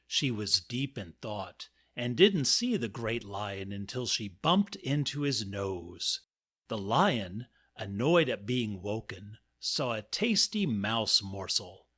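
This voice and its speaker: Male podcast narrator, unhurried, lively ups and downs, dry comic reading. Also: on the low side, husky.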